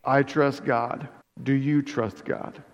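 A man voicing the aging father Abraham, earnest and resolute, in a steady, pleading manner. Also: medium pitch, takes it slowly, gravelly. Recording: dull sound in a long-echo hall.

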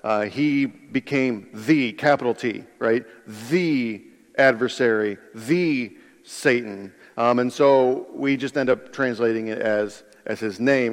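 Conversational male preacher, long hall reverb. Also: medium pitch. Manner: conversational, explains word by word, asks listeners rhetorical questions. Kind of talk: sermon.

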